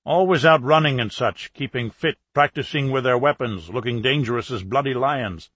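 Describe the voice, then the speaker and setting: Chatty middle-aged plumber and ex-soldier, gossipy pub talk, raised pitch, husky edge, read by a male audiobook narrator. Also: normal speed, fairly bright tone, no room sound. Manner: gossipy, talkative.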